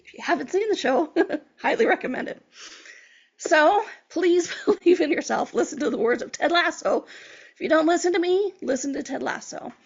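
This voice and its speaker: Woman coach talking on her podcast, super gravelly and husky, upbeat, lo-fi sound. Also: sits high, animated, normal speed. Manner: earnest, encouraging, quotes herself and clients in conversation. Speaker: podcast host and life coach. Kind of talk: motivational talk.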